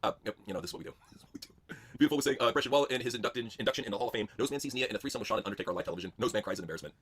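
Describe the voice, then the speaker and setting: A man co-hosting a comedy chat show with a husky voice, reading out jokes and laughing a lot. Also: on the low side, very fast, fairly bright tone. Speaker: podcast co-host.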